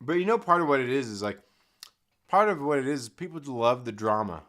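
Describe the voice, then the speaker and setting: A man's voice: mid-range voice, lively intonation, brisk, fairly bright tone. A man hosting a casual live stream, rambling and swearing, with many "like" fillers and frequent laughs as he reads chat. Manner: profane, rambling, lots of "like" fillers, laughs often.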